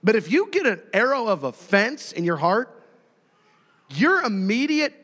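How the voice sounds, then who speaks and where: A man's voice: high voice, unhurried, in a large hall. A man in his thirties preaching a sermon, telling stories and acting out the voices in them. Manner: animated storytelling, acting out voices. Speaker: pastor.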